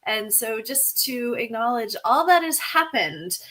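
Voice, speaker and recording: A woman's voice: a little high, very animated, measured pace, bright, forceful tone. A woman hosting a psychic live stream, speaking earnestly and acknowledging her guest. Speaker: show host, psychic reader.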